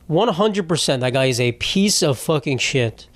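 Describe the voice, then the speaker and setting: A man's voice: on the high side, expressive, normal speed, hardly any pauses, no echo. A man hosting a solo comedy podcast, telling rambling, profane, self-mocking stories in casual talk. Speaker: podcast host. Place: home setup.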